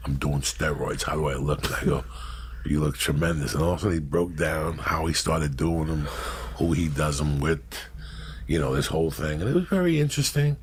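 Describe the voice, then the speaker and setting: A middle-aged man telling crude, profane stories in a brash, animated way on a talk show. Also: a bass voice, a little hiss or hum. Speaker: storyteller guest. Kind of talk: profane casual storytelling.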